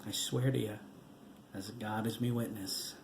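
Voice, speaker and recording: A man's voice: fairly low pitch, steady tone, unhurried, vocal fry, roomy sound, slight background noise. A man voicing the stern, unforgiving ghost of a dead husband in an audiobook, mocking and cold.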